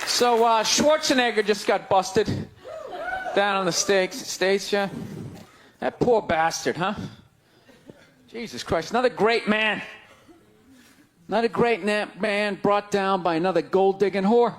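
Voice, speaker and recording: A middle-aged man doing a stand-up comedy set, ranting in an exasperated way and breaking into sudden shouts, at a comedy club. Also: sits high, a little slow, long pauses. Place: comedy club stage before a laughing crowd. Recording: live club recording, loud crowd laughter, noisy.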